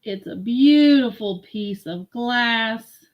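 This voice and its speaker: Slow-talking woman selling vintage glass. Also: on the high side, lo-fi sound. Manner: slow, admiring product descriptions. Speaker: live sale host. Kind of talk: live-stream sale chat.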